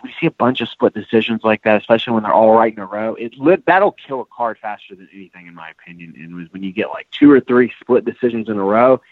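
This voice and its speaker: A man's voice: lowish voice, no echo, phone-quality sound. A man from Kentucky with a light Southern accent, chatting on a podcast in a rambling, hesitant way with lots of fillers. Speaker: podcast co-host. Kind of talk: casual chat.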